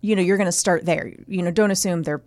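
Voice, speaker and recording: Lively woman telling a story on a dry mic. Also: lowish voice, fast, dry recording. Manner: animated storyteller who acts out what others said. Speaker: podcast co-host. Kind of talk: casual chat.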